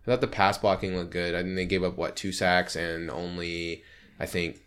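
A man co-hosting a sports podcast, talking in a rambling, excitable way with frequent restarts. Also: sits low, normal speed, clean tone. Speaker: podcast co-host. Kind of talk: casual sports chat.

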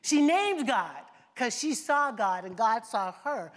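A woman's voice: a little high, sing-song, takes it slowly. A woman preaching a sermon with passion, building through rhetorical questions and repeated phrases. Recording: long reverb of a large hall.

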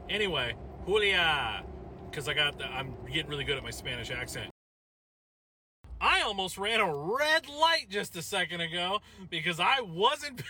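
A man records a rambling voice message from his car while driving, swearing constantly. His voice is high and very animated, with a sharp, intensely bright tone, and faint car noise hums behind him. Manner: rambling, heavily profane. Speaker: listener leaving a voice message.

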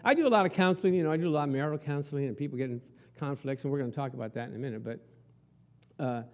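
Talking very fast in a medium-pitched voice, a male pastor preaches a conversational sermon. He's chatty, telling a story and asking his listeners rhetorical questions as he goes.

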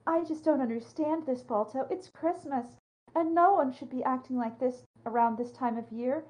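A tearful, heartbroken female dog whimpers her lines in a high voice, performed by a woman. Her sobbing keeps slipping into laughter in this comedic read-aloud. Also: moderate pace, a little mellow, natural voice, poor audio. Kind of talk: comedic dramatic reading.

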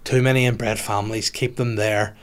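A man's voice: on the low side, steady tone, moderate pace. A man, a comedian chatting casually on his podcast, rambling and swearing through jokey asides. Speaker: comedian podcaster answering listener questions. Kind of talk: casual solo podcast chat.

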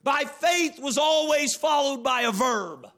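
A man's voice: extremely high pitch, animated, takes it slowly, fairly bright tone. A man preaching a sermon, reading scripture aloud and stressing key phrases with emphatic repetition.

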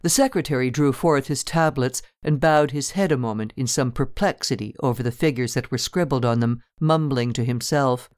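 Man, audiobook narrator, measured delivery, dry close sound. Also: mid-range voice, dry recording.

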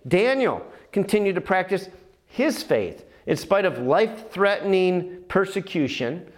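Passionate preacher with a fairly high voice. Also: male voice. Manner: passionate storytelling preacher, repeats phrases for emphasis. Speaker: pastor. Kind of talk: sermon.

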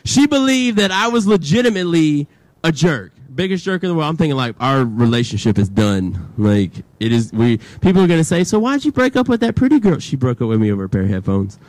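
Young male youth pastor, casual and animated, dry close sound. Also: mid-range voice, fairly quick, no echo. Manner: casual, chatty, many "like" fillers, acts out quotes. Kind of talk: storytelling sermon to teenagers.

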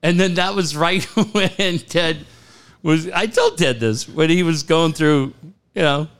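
A man hosting a sports radio show, telling profane, animated stories and laughing often. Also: on the high side, slow, clear, resonant tone. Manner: profane, animated storyteller who laughs a lot. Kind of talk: casual sports radio banter.

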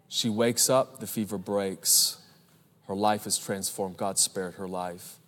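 A man's voice: lowish voice, measured pace. Preaching man in a reverberant church. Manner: animated preaching with stories and rising calls to the congregation. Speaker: pastor. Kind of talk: sermon. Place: large church. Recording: live church hall with long reverb.

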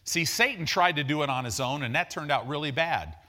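A man in his sixties preaching a sermon, animated and emphatic, telling stories in a conversational way. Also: a little high, brisk.

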